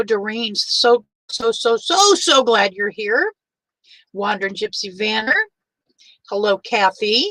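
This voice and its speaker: Older woman, livestream host, teary, warm and chatty, bright higher voice. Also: dry recording, rough recording. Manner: warm, chatty, greets each viewer by name. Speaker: livestream host greeting viewers. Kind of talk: casual livestream chat.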